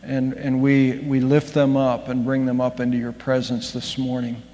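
A pastor praying in an echoey hall. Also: male voice, medium pitch, completely flat delivery, dark tone. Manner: halting, with restarts and fillers. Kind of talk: pulpit prayer and sermon.

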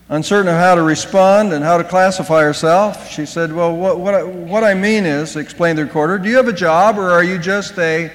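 A man, a pastor, praying from the pulpit and then telling a story to the congregation, halting at times with restarts and fillers. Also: a little high. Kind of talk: pulpit prayer and sermon. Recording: echoey church hall.

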